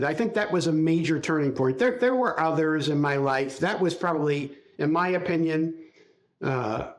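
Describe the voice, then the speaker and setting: An older man as a podcast guest, recalling his life in a reflective, halting storytelling way. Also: medium pitch. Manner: reflective, speaks in halting restarts while recalling. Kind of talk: casual interview storytelling.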